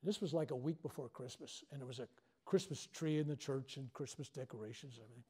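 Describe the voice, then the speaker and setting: A man's voice: mid-range voice, fast talker, breathy edge. An older man, a reverend leading a healing workshop, telling stories to a live audience and acting out the voices in them. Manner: animated storyteller acting out quoted voices. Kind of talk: storytelling talk to a live audience. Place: workshop hall.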